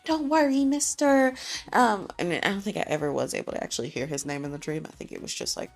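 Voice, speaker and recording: Rambling woman streamer with a low voice. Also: wildly swooping pitch, racing, vocal fry. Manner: rambling, filler-heavy storytelling. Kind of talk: casual chat, retelling a dream.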